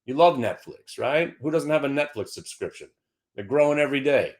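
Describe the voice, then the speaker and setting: Brash, lively trading host. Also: male voice, mid-range voice, fairly quick. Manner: brash, taunting, swings from mutters to shouts. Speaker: stock trading show host. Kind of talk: live trading commentary.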